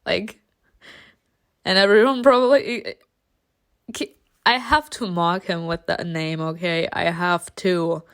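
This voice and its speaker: A woman's voice: on the low side, steady tone, slow, pauses often, clean tone. A young woman playing a story game, reading it aloud and reacting with giggly, playfully indignant outbursts. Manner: giggly, playfully indignant, over-the-top protective. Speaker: game streamer.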